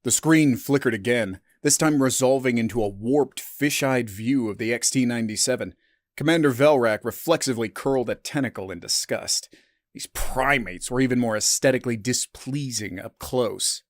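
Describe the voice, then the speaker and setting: A man reads a science-fiction story in a measured, subdued narration. His voice sits at an ordinary middle pitch. The sound is dry and close, with no room around it. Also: no echo. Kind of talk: scripted sci-fi story narration.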